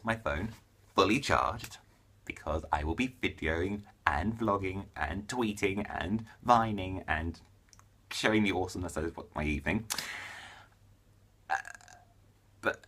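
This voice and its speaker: A young man from England talks to camera about books in a chatty, jokey way. His voice is somewhat low and husky, and his pitch swings widely as he riffs and corrects himself. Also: fairly bright tone. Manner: chatty, jokey, self-interrupting. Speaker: book vlogger. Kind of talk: casual vlog chat.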